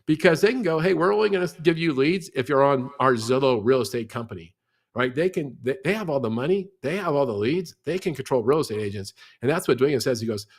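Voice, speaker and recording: A middle-aged man in a podcast discussion, talking fast and animated with lots of "you know" as he explains the real estate industry. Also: medium pitch.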